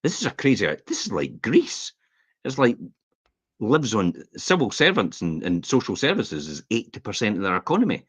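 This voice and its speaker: A Scottish man chatting on a podcast as the host, opinionated and animated, with laughs slipping into his rants. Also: fairly low pitch, normal speed, slightly rough, no room sound. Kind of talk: casual podcast chat. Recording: dull lo-fi podcast audio.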